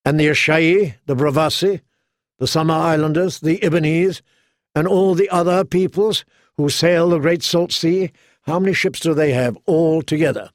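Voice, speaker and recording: A calm, shrewd young queen, read by a man. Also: on the high side, no echo, clean studio sound, natural voice. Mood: calm firm. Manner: calm, measured, firm.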